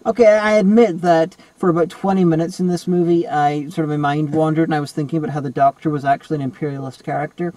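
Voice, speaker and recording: A man's voice: fairly high pitch, fairly even intonation, quick pace, few pauses, mellow, rough recording. A man in a casual film review chat, rambling and digressive, full of "you know" and "like".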